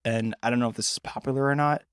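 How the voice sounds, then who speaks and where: A young man co-hosts a relaxed podcast, cracking jokes and tossing in quick asides. His voice sits in a middle range. It is recorded close and dry. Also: medium pitch, clean tone, no room sound. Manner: joking, quick asides, laughs often. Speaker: podcast co-host. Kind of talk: casual chat.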